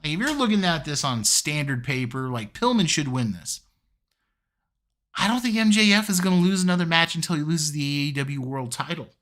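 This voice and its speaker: A man's voice: a little high, lively intonation, fairly quick, fairly bright tone. A man giving a casual solo review of a wrestling show, chatty with lots of fillers and easy laughs.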